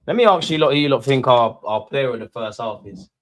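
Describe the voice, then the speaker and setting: Fairly bright in tone and a little fast, this young man's animated voice carries a casual live match reaction. While hosting a football watchalong, he fires back at his chat with plenty of swearing and high-pitched indignation.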